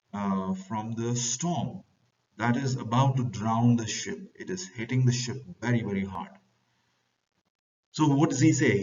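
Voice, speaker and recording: A man with an Indian English accent teaching a play to students, reading its lines aloud and then explaining them in plain words. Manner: reads quoted lines louder and higher, then paraphrases plainly. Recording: lo-fi, distant from the mic.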